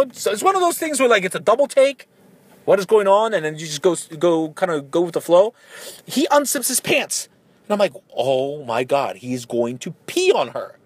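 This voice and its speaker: A man in his thirties hosting a podcast, telling a casual rambling story with lots of fillers and restarts. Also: on the high side. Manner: rambling, many fillers and restarts, animated when excited. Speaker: podcast host.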